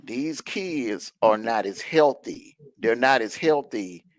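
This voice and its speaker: A man's voice: mid-range voice, lively intonation, takes it slowly, no room sound, low-quality recording. A man in his forties with a Georgia Southern accent, chatting on a live stream panel and hammering his points by repeating them. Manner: emphatic, repeats key lines. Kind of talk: casual chat on a live stream. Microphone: video call.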